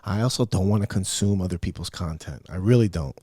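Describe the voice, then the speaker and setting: A man's voice: sits low, a little fast, warm tone, husky, no echo, studio quality. A middle-aged man hosting a podcast, rambling through a profane, self-mocking solo rant. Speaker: podcast host. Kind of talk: casual solo podcast monologue.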